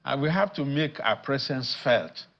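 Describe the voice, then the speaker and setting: A man, a guest addressed as professor, speaking in a measured, deliberate way with frequent pauses and fillers in a studio news interview. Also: medium pitch, lively intonation, a bit bright, dull audio. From Nigeria.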